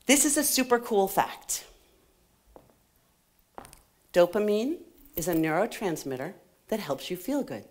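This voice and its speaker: Middle-aged woman conference speaker, lively swooping voice, playful and laughing, talks to the crowd. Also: medium pitch, a little slow, pauses often. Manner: animated, laughs often, playful asides to the audience. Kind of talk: motivational talk to a live audience. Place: conference hall stage.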